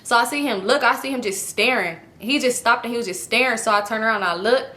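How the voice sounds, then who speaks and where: A woman with a bright, slightly high voice recounts a personal story for her vlog. She talks casually and candidly, with plenty of swearing and animated asides to her viewers. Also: fast. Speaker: vlogger.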